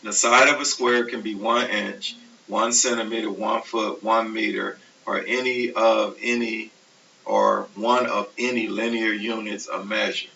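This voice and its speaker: A man teaching a recorded math lecture, explaining steps slowly and methodically. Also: lowish voice, vocal fry. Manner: steady, methodical explaining, self-correcting. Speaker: math instructor. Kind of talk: recorded lecture over slides. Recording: distant, dull, hissy classroom recording.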